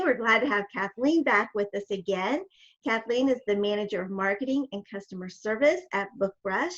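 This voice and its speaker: A woman's voice: on the high side, muffled recording. A woman with a regional American accent, co-hosting a video chat and introducing guests in an enthusiastic, chatty way that drifts off topic. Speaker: podcast co-host.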